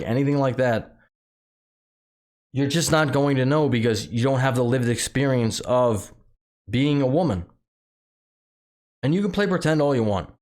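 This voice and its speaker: A man with a slight lisp hosting his own channel, giving heated, repetitive commentary full of fillers and restarts. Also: mid-range voice. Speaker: channel host commenting on news. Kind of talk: casual ranting commentary.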